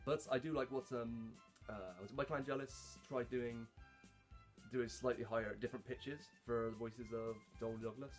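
A man talking casually about his hobby voice work, halting, with lots of fillers and restarts. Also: on the low side, steady tone, soft background music. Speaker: hobby voice actor. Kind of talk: casual talk to camera.

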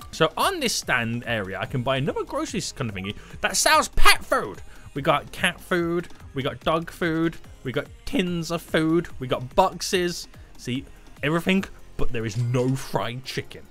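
Wildly animated, bright-voiced gaming man. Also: moderate pace, soft background music. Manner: loud, jokey, shouting outbursts and sudden pitch jumps. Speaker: gaming YouTuber. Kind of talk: energetic gameplay commentary.

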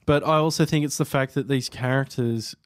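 A man's voice: mid-range voice, steady tone, a little fast, no echo, studio quality. A man co-hosting a movie podcast, explaining his views at length in a casual chat. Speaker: podcast co-host.

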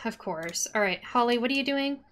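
A woman's voice: fairly high pitch, lively intonation, unhurried, fairly bright tone, slight background noise. A woman streaming a life-sim game, chatting casually and talking to the characters with dramatic outbursts. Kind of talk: casual gameplay commentary.

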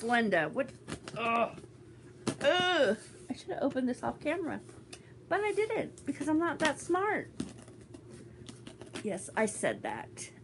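A woman's voice: on the high side, noisy background. A woman vlogging casually as she unboxes a gift swap, bubbly and teasing as she exclaims over each item. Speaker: beauty vlogger.

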